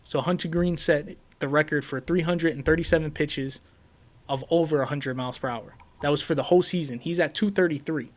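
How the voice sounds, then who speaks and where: Speaking briskly and with excitement, a Puerto Rican host runs a casual sports podcast in a voice that's fairly high for a man. He stumbles, repeats words, and uses a lot of fillers.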